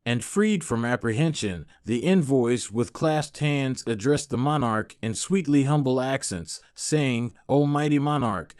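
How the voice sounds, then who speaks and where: A man's voice: medium pitch, expressive, measured pace, few pauses, a little mellow, smooth, no echo, clean studio sound. Man reading archaic epic prose. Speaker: audiobook narrator. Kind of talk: scripted narration of an old epic translation.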